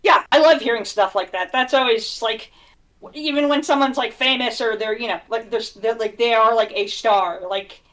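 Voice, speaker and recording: A woman's voice: a little high, normal speed, a bit bright, poor audio. A woman co-hosting a podcast, chatting casually and rambling with lots of filler words. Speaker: guest co-host. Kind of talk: casual chat.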